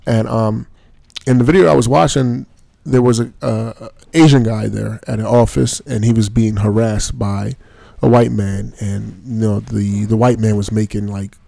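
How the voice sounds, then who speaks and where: A man co-hosting a podcast talks earnestly, pausing and searching for words. His voice has a gravelly edge and sounds dry and close. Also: lowish voice, fairly even intonation, dark tone, no room sound. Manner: earnest, halting, many fillers. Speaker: podcast co-host. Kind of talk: casual podcast chat.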